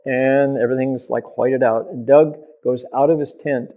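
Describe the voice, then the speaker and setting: A man's voice: mid-range voice, moderate pace. Man telling a story, thin phone-like sound. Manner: lively, uses sound effects and acted quotes. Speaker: storyteller in an oral history interview. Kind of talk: animated storytelling.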